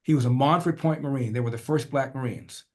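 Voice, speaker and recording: An older man, a podcast guest, telling a personal family story with animated, rhythmic repetition. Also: medium pitch, fairly quick. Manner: acts out family dialogue in changing voices.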